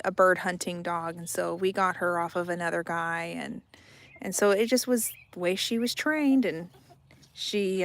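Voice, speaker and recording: Chatty laughing woman by her chickens. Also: mid-range voice. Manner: chatty, laughs often, trails off and repeats herself. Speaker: homesteading vlogger. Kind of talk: casual chat to camera. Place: outdoors by a backyard chicken coop.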